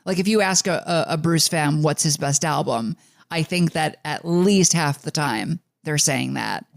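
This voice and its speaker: A man's voice: on the high side, unhurried, vocal fry, no room sound, studio quality. A man from the New York suburbs co-hosting a music podcast in a rambling casual chat, full of fillers and restarts. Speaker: podcast co-host.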